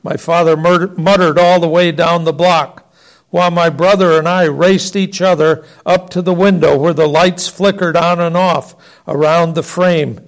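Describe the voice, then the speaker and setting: A man's voice: fairly high pitch, fairly even intonation, moderate pace. A man reading a Christmas-style family story aloud as narrator.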